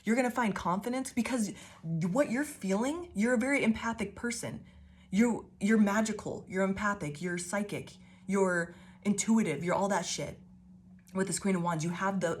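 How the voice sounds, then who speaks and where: A woman's voice: medium pitch, a little mellow. Profane, rambling woman tarot reader. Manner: profane, rambling, laughs often; affirming, calls listeners babies. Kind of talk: casual channeled tarot reading.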